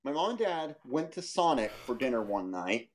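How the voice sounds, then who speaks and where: A co-host chatting and telling stories casually on a stream, animated and quick to laugh. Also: mid-range voice. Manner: animated storyteller, laughs easily.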